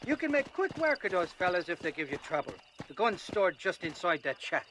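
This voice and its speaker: A drunken Irish gun-runner with a high, wildly swooping voice, flattering and chuckling through his rambling sentences. Faint night crickets sit in the background. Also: fairly quick, noisy background. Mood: ingratiating.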